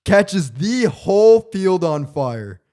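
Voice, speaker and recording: A young man co-hosting a podcast, telling a story with animated delivery and stumbling restarts. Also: sits high, slow. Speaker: podcast co-host. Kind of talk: casual storytelling.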